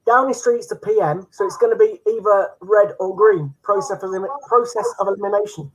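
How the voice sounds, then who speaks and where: Husky man guessing quiz answers. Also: high-pitched, brisk, low-quality recording. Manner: chatty, jokey, talks through guesses. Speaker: quiz player. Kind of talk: casual chat during a quiz game.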